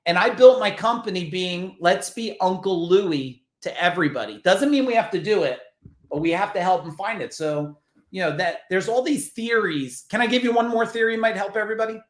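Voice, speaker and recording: Animated, profane New man. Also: high-pitched, fairly quick, echoey room. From New Jersey. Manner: animated, profane, acts out quoted voices. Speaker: podcast guest, business coach. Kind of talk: casual interview storytelling.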